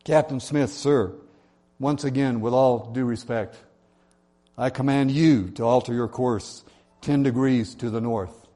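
A preacher acting out a polite young military private, steady and courteous, holding firm. It is told as a sermon illustration. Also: male voice, mid-range voice, measured pace, lightly acted. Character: calm polite male lighthouse keeper private.

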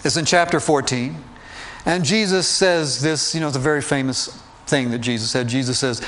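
A man's voice: medium pitch, moderate pace, fairly bright tone. A man preaching in a conversational sermon style, asking his listeners questions and joking lightly. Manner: chatty, asks the listeners questions, light humor.

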